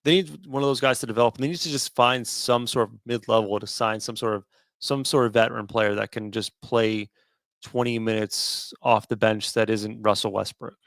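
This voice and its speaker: A man's voice: on the low side, little pitch movement, moderate pace, vocal fry, a bit bright, dry recording. A man co-hosting a sports podcast, chatting loosely and laughing often. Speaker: podcast co-host. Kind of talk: casual sports chat.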